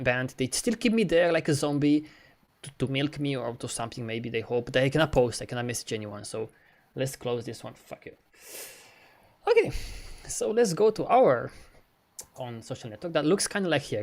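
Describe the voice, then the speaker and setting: A man in casual chat who talks with animated swings and swears a lot, acting out dialogue as he demos software. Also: medium pitch, fairly quick. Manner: animated and profane, mimics dialogue, laughs. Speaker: co-host. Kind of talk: casual chat, screen-share demo.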